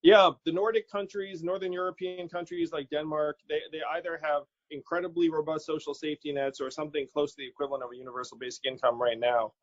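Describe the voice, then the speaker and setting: A man's voice: fairly high pitch, level tone, quick pace, hardly any pauses, dry recording. A man being interviewed as a political candidate, talking casually and animatedly, quoting people in his stories and laughing easily. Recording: dull lo-fi audio.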